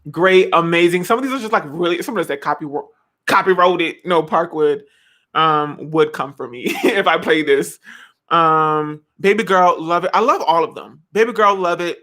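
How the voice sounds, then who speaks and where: Woman in her 20s, lively dramatic vlogger chatting to camera. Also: lowish voice, normal speed. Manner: animated, dramatic, laughs often, sings snippets. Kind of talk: casual chat.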